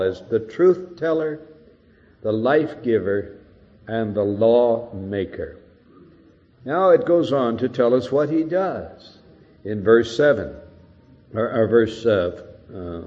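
A man's voice: fairly low pitch, mellow, long reverb tail. An older man preaching an earnest expository sermon, rising to emphatic peaks, on a dull old recording.

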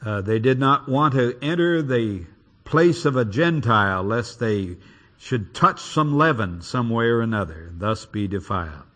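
A man preaches an expository sermon at a medium pitch and a slightly slow pace. He reads and explains scripture in a lively, emphatic, dramatic way, punching out quotations.

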